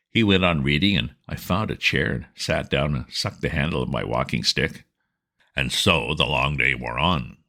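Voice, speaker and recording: A man narrating a classic comic novel in a dry, expressive reading style. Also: very deep voice. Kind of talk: audiobook reading.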